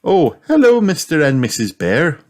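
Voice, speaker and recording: A man voicing a gentle, polite mother pig in a storybook reading. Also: fairly high pitch, huge pitch swings, moderate pace, voice pushed up.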